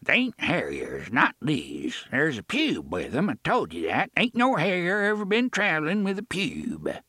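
A man voicing a grizzled, excitable old farmer with a thick rustic dialect and a cracked, wavering voice. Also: a little high, a little slow, no echo, studio quality, pitched above the performer's own voice, exaggerated voice. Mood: gruff. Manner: gruff, blustering.

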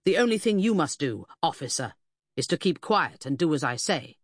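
A man's voice: fairly high pitch, big pitch swings, normal speed, no room sound, studio quality. A reader voicing a cruel, mocking male captor who snarls his threats in an audiobook. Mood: snapping.

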